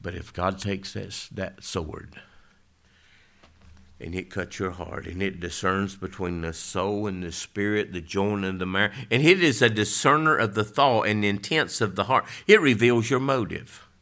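A male pastor preaching a sermon, emphatic, swinging from loud declarations to low, quiet lines. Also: moderate pace.

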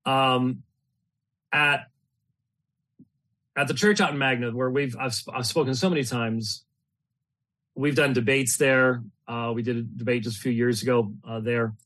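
Rambling mid-pitched man reminiscing. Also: fairly even intonation, measured pace, long pauses, a bit bright. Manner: rambling, full of fillers and restarts, laughs often. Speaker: host. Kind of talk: casual spoken reflections.

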